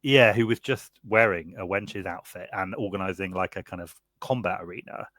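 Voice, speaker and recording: Podcast co-host: deep-voiced man, dry close mic, lively rambling chat. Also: moderate pace, no echo. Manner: animated, laughing, rambling with fillers. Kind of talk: casual chat.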